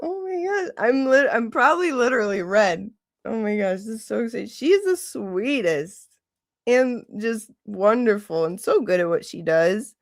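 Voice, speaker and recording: A woman hosting a casual livestream, gushing and excitable, gasping and laughing often. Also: a little high, moderate pace, dry recording, studio quality. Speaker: livestream host.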